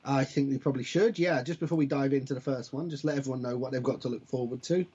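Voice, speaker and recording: A man co-hosting a podcast in a rambling, jokey manner, with a husky, breathy voice. The audio is dull and lo-fi, and his pitch sits mid-range. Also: fast, warm tone. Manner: rambling, jokey, self-correcting. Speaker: podcast co-host. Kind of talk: casual chat.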